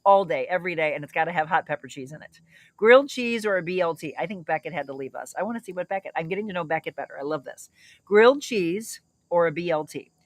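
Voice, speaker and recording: A woman's voice: fairly low pitch, lively intonation, quick pace, no room sound. A middle-aged woman hosting a casual livestream, chatting upbeat and reading out viewer comments. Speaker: livestream host.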